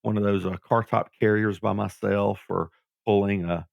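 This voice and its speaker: A middle-aged man from Georgia, a guest telling his life story in an animated way, acting out what people said. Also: lowish voice, moderate pace, gravelly, dry recording, dull audio. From Georgia, USA. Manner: animated storyteller who acts out quoted voices. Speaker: guest, former pro wrestler. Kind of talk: storytelling interview.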